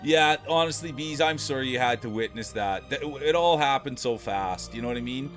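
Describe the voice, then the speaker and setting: A man's voice: medium pitch, a little fast, fairly bright tone, faint music behind. A man livestreaming, talking casually and playfully with his chat, laughing often.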